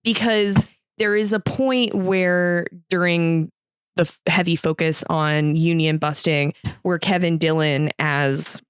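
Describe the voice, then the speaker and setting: A woman's voice: on the low side, steady tone, slow pace, clean tone, no room sound, clean studio sound. A woman co-hosting a podcast, trading wry, sarcastic quips about a movie and laughing often. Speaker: podcast co-host. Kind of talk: casual movie review chat.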